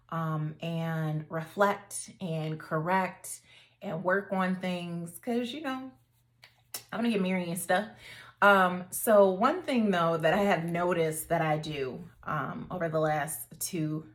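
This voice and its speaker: A woman talks straight to her viewers in a casual vlog. Her voice sits a little low, and she stays animated and conversational, calling them y'all. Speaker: dating vlogger. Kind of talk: casual talk to camera.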